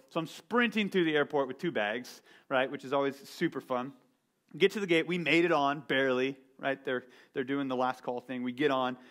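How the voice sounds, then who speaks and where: A man's voice: medium pitch, a bit bright. A man preaching a casual, self-deprecating sermon, telling a story about himself and often checking in with "right?". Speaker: pastor. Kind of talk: conversational sermon.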